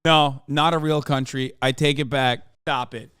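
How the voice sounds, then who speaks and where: A man hosting a casual reaction stream, animated, profane and sarcastic. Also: medium pitch, normal speed, clear, resonant tone, no echo, clean studio sound. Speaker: streamer host.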